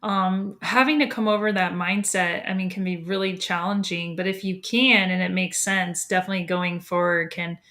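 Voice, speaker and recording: A woman's voice: on the low side, steady tone, moderate pace, few pauses, fairly bright tone. Encouraging woman podcast host. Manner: encouraging, with many affirmations and long winding questions. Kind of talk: casual interview.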